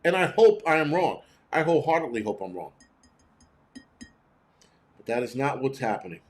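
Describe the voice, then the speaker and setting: A man hosting his own show, telling a story in a blunt, profane, animated way. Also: medium pitch, moderate pace. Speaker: host. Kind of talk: casual storytelling monologue.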